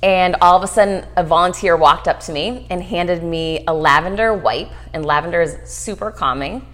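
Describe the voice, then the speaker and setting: A middle-aged woman guest telling a story fast and animated in an interview, acting out quotes as she goes. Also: fairly low pitch. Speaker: guest, author and speaker.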